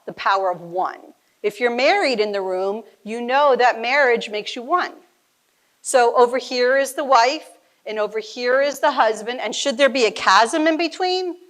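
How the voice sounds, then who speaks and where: A woman's voice: fairly high pitch, a bit bright. A middle-aged woman giving an emphatic motivational talk to a live audience, full of rhetorical questions and acted-out voices. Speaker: event speaker.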